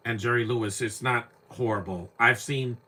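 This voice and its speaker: A man's voice: mid-range voice, fairly even intonation, normal speed, pushed and bright. A young man giving casual live commentary on an old movie, rambling and repeating words as he searches for names.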